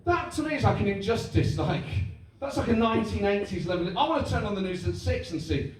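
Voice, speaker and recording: Animated stand-up comedian. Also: male voice, high voice, fairly quick, a little hiss or hum. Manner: animated, mimics voices and accents for laughs. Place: live venue with audience. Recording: echoey live room, mic heard from a distance.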